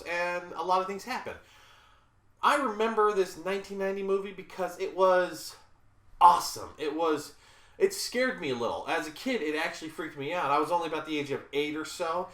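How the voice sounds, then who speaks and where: This mid-range, fairly bright voice belongs to a reviewer in their thirties from the American South. They rant bluntly and casually about a movie, sounding exasperated and repeatedly saying sorry between gripes, and the room echoes noticeably.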